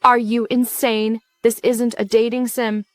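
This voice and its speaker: A woman's voice: fairly high pitch, little pitch movement, unhurried, dry recording, soft background music, voice pushed up, natural voice. A woman voicing a cocky young male villain who mocks his foes with sarcastic, teasing lines. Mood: smug.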